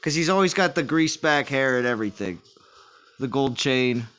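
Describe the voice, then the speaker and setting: A man's voice: medium pitch, animated, moderate pace, fairly bright tone, faint music behind. A man hosting a game stream, chatting casually with friends and restarting his phrases as he rambles. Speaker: streamer host. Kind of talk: casual voice chat banter. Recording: lo-fi voice chat audio.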